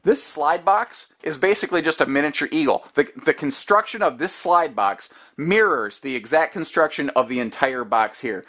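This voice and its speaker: A man's voice: on the high side, expressive, normal speed, hardly any pauses, pushed and bright. Chatty man touring an RV. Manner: conversational, explanatory with restarts. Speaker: RV reviewer. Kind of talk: walkthrough demonstration. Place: inside an RV.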